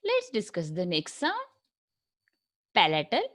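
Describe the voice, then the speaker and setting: A woman's voice: mid-range voice, huge pitch swings, measured pace, fairly bright tone. A woman with an Indian accent giving a recorded phonetics lecture as an English lecturer, patiently repeating and drilling each sound.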